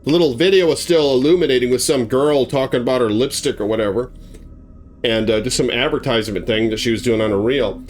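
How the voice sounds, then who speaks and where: A man's voice: medium pitch, fast talker. A man telling a horror story in a casual, rambling way, full of fillers and restarts.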